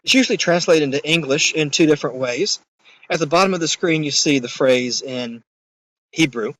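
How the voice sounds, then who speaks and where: A man's voice: on the high side, normal speed, a bit bright, no room sound, rough recording. A man giving a recorded course lecture in a conversational, emphatic way, with occasional fillers.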